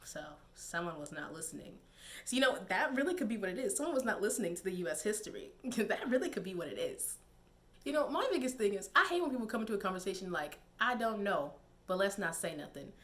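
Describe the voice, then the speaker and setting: Young woman, casual vlog commentary, animated and rambling, middle pitch. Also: quick pace. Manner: animated, digressive, laughs often, many fillers. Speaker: YouTube commentator.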